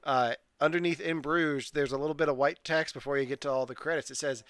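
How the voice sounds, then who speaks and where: A man's voice: on the high side, fairly even intonation, quick pace, fairly bright tone, clear, resonant tone, no room sound. A man hosting a casual podcast chat, leading the talk and asking his co-hosts questions. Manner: leads the talk, asks questions. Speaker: podcast host.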